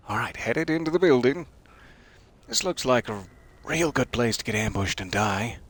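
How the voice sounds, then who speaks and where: A man giving casual, wry gameplay commentary, joking and self-deprecating, with sudden jumps in pitch for his jokes. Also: animated, unhurried, long pauses. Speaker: let's play host.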